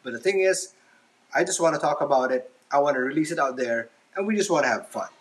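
Washing dishes in his home kitchen, a father hosts a casual solo podcast, sounding self-conscious and hesitant, full of ums and restarts. His voice is fairly high, animated, and quick. The audio is low-quality.

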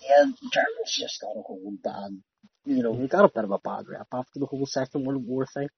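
A young man chatting casually as a podcast co-host, swearing freely and rambling in an animated way. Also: medium pitch, fairly quick, creaky, breathy edge. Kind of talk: casual chat. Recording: dull lo-fi sound.

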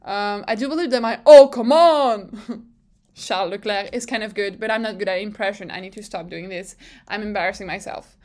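A woman's voice: medium pitch, steady tone, fast talker. A young woman from France with a French accent, chatting casually and giggling as she recaps a race weekend, swearing freely and using lots of fillers. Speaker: vlog host.

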